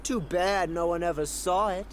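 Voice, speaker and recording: A man's voice: sits high, normal speed, slight background noise, natural voice. An actor playing a smug, mocking young male skater rival in a video game cutscene. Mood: taunting. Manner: sneering, mocking.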